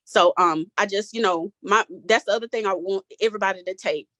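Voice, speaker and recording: A woman's voice: medium pitch, fairly quick, a bit bright, no room sound. Emotional woman, voice cracking. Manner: candid, emotional, casual Southern-tinged speech. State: voice cracking, holding back tears. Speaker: guest sharing her story. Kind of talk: personal testimony in a group talk.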